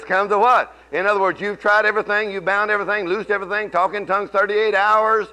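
Preacher man with a bright voice. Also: sits high, quick pace, few pauses, slight background noise, poor audio. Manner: folksy storytelling, rising to emphatic bursts. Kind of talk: sermon.

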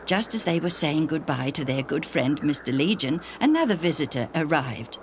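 Woman storyteller, lowish voice, gentle and measured, music playing behind. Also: lively intonation. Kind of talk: scripted narration of a children's Bible story.

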